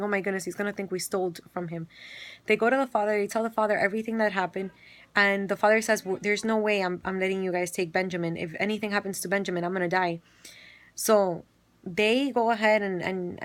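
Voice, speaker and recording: A woman's voice: medium pitch, a bit bright. A woman casually retelling a Bible story, filling it with quoted dialogue and everyday fillers.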